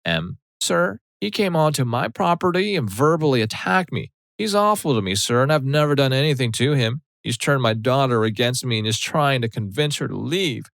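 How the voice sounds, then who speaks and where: A man's voice: medium pitch, lively intonation, moderate pace, creaky, few pauses, fairly bright tone, no echo, studio quality, voice pushed up. A man voicing an entitled middle-aged mother with a Southern accent, accusing and whining.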